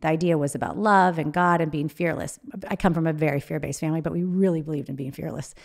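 A woman's voice: low-pitched, steady tone, vocal fry, darkish tone. A woman being interviewed as an author, talking candidly and emotionally, often restarting her sentences. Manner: emotional, halting, with frequent restarts. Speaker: guest, author.

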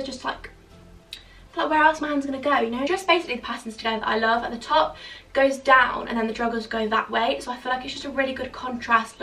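Bubbly, gravelly young woman. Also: high-pitched, fairly bright tone. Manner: bubbly, gushing, chatty with many fillers. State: out of breath. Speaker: fashion vlogger. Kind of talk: casual try-on haul chat. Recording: distant mic with faint background music.

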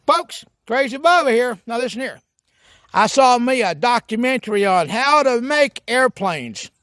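Man doing a high-pitched goofy hillbilly. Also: very animated, a little slow, a bit bright, no room sound, clean studio sound. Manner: folksy drawl with hoots and cackles. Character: goofy rural hillbilly man, cheerful and dim. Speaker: comedy sketch character host. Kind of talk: hillbilly comedy monologue.

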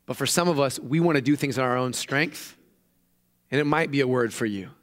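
A male pastor giving a lively sermon, retelling a story and acting out the voices of its people. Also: fast. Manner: animated storytelling, acting out quoted voices with raised pitch. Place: church.

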